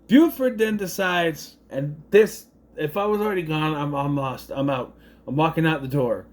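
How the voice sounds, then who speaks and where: A man giving a casual, rambling film review, full of puzzled asides and quick mocking impressions. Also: fairly high pitch.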